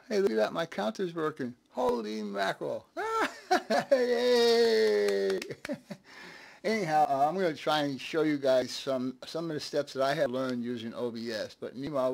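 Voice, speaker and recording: A man hosting a casual live stream, chatting, laughing often and greeting viewers one by one. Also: mid-range voice.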